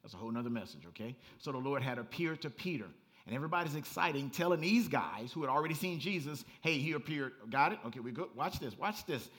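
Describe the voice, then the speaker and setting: A pastor with a mid-range voice preaches at a quick pace, animated and conversational. He rises to near-shouts and breaks into laughing asides.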